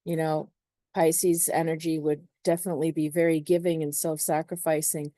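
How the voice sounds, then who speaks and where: Woman astrologer, mellow and somewhat low, casual, hedgy delivery. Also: level tone, normal speed, no room sound. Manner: hedging, uses many "sort of" and "you know". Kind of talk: casual spoken explanation.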